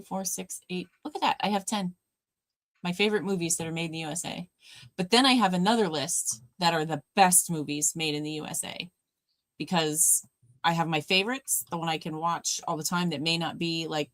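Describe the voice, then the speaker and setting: A woman co-hosting a live watch party talks in a loose, rambling way and laughs easily. Her voice sits a little low for a woman. The sound is dry and close, with no room behind it. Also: fairly bright tone, no room sound. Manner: chatty and rambling, laughs often. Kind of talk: casual chat during a live watch party.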